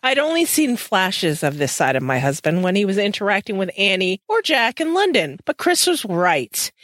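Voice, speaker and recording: A woman's voice: mid-range voice, normal speed, no room sound, studio quality. A woman reading a novel aloud on a podcast, breaking into playful chatty asides. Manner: lively, laughs often, playful commentary.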